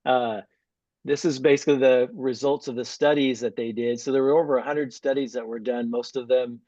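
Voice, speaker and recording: A man giving a live lecture and taking questions, relaxed, with frequent fillers. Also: medium pitch, fairly quick, no echo, dull audio. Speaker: physician assistant lecturer.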